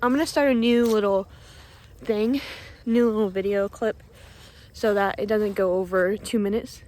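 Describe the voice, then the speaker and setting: A woman's voice: medium pitch, steady tone, normal speed. A young woman chatting casually and a little emotionally in a vlog, walking outdoors by a pond, a bit out of breath from the cold. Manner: soft-spoken, emotional, laughs often. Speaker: vlogger.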